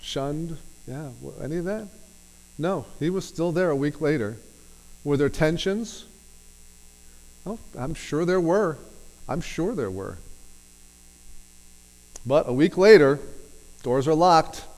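A man's voice: mid-range voice, darkish tone, in a large hall, poor audio. A man preaching a sermon in a conversational way, asking his listeners rhetorical questions. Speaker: pastor.

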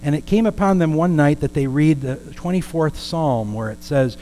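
A man's voice: on the high side, normal speed, hardly any pauses, warm tone, a little hiss or hum, poor audio. Man preaching a storytelling sermon. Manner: conversational, with asides and questions to the congregation.

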